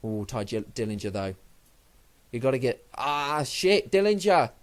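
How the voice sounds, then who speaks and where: A man's voice: medium pitch, very animated, unhurried. A man casually reviewing a wrestling show on his own channel, rambling and swearing, and sounding like he just woke up. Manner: rambling, sweary, loses his train of thought. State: sleepy, just woken up. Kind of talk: casual solo review vlog.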